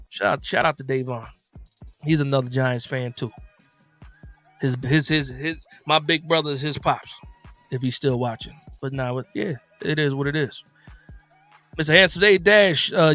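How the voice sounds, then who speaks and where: A man from New Jersey with a slight Southern lilt, hosting a casual sports livestream, reading chat comments aloud and answering in a relaxed, repetitive way. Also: a little high. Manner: reads chat comments aloud and responds, laid-back, repeats phrases. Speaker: livestream host.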